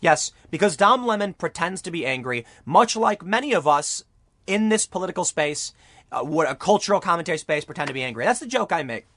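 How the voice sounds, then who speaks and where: A man's voice: a little high, expressive, a little fast, fairly bright tone, no room sound. A young man delivering an argumentative opinion monologue as a political commentary YouTuber, full of rhetorical questions.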